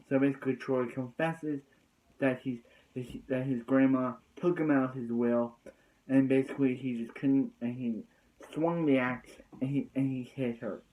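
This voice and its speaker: Rambling man recapping an episode, lo-fi. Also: medium pitch. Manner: rambling, constant "so yeah" fillers and restarts. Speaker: TV episode reviewer.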